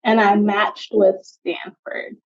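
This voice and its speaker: A woman's voice: mid-range voice, flat delivery, slow, highs cut off. A young adult woman, a genetic counselor, answering interview questions in a chatty way, often saying "like".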